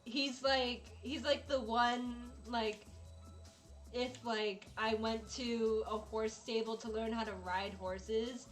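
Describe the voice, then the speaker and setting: A woman live-streaming while she plays a video game, chatting casually and dramatically, exasperated and laughing often. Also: on the high side.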